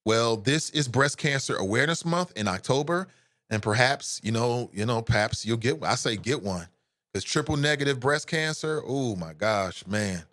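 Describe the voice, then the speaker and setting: An American man hosts a live call-in radio show, bantering with listeners and reading their messages aloud. His talk is animated and loose, at a middling pitch. The mic is close and dry. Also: moderate pace, dry recording. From United States. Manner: animated, joking, turns emotional.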